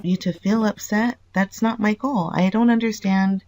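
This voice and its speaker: A woman's voice: medium pitch, fairly even intonation, moderate pace, a little mellow. Patient woman explaining step by step. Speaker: online helper on a phone call.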